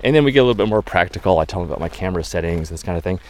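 A man's voice: sits low, expressive, very fast, slight background noise. A man, a photographer who leads photo walks, telling chatty, rambling anecdotes with many fillers in a casual interview.

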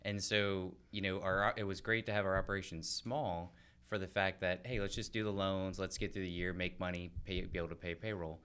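Lively low-voiced male podcast guest. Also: a little fast, hardly any pauses, smooth. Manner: animated, acts out the people in his stories with raised voice. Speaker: podcast guest, loan officer. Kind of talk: casual storytelling in conversation.

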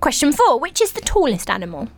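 A woman's voice: high-pitched, wildly swooping pitch, fast talker, no room sound. A young woman co-hosting a podcast, reading out quiz questions in casual chat and giggling helplessly. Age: young adult. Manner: giggly, breaks into fits of laughter. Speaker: podcast co-host.

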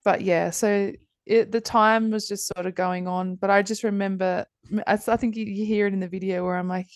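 A woman in her thirties speaks as a podcast guest, her talk loose and rambling with frequent restarts and casual swearing. Her voice sits at a middle pitch and sounds close and dry, with no room around it. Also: steady tone, normal speed, dry recording. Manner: candid, chatty, swears freely, rambling restarts. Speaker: guest telling her birth story. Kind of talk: casual conversation.

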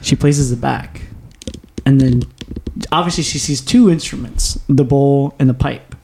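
Hombre joven con voz grave y rasposa. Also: male voice, medium pitch, measured pace, a little mellow, a little hiss or hum. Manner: rambling, profane, laughs often. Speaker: podcast host. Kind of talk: casual storytelling chat. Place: small home studio.

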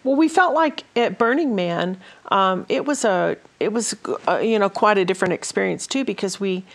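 A woman being interviewed on a podcast, talking earnestly and pausing often with ums. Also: mid-range voice, vocal fry. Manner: earnest, hesitant with frequent ums. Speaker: interview guest, outreach minister.

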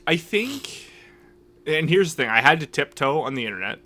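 A man co-hosting a casual podcast, animated and rambling, often acting out lines. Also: medium pitch, quick pace. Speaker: podcast co-host. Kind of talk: casual chat.

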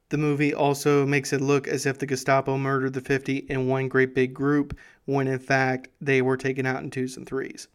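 A man's voice: mid-range voice, clean tone. A man hosting a history show, telling the story in a casual, enthusiastic way. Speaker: history podcast host.

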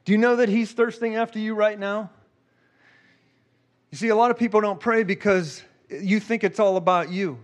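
Male preacher with a high voice, telling an emotional testimony during a sermon. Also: steady tone, moderate pace. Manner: emotional, storytelling, repeats himself.

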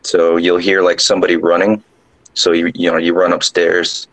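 A drill sergeant guest casually telling a ghost story, rambling along with lots of fillers. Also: male voice, sits low, monotone, normal speed, fairly bright tone, low-quality recording.

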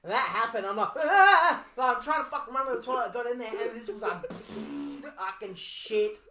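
A young Australian woman with a fairly high voice tells crude stories, swearing all the time and laughing through her words. The room is echoey, and a crowd murmurs in the background. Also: a little fast. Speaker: podcast co-host. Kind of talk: casual chat.

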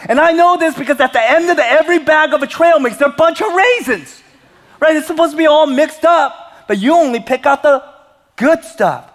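A man preaching a sermon as a pastor, animated and conversational, with humor and rhetorical questions. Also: very high-pitched, fairly quick, long reverb tail.

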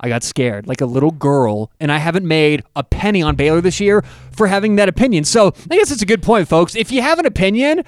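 A man co-hosting a sports betting talk show, opinionated and self-deprecating, with quick asides. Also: sits high, lively intonation, dry recording, studio quality. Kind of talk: casual sports chat.

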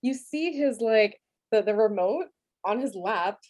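Animated, laughing woman with a New York accent. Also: mid-range voice, unhurried. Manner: animated, laughing, swears freely. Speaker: podcast co-host. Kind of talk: casual film chat.

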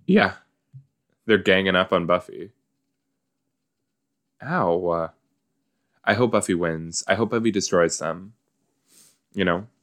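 A man's voice: deep voice, animated, takes it slowly, long pauses, a bit bright. A man hosting a casual watch-along podcast, reacting chattily to a show with lots of likes and you-knows. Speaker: podcast host reacting to an episode.

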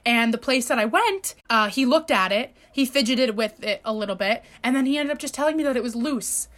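A woman's voice: fairly high pitch, brisk. A young woman co-hosting a podcast, telling stories in casual chat and acting out quotes in exaggerated voices. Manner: animated storytelling, acts out quotes in exaggerated voices. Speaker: podcast co-host.

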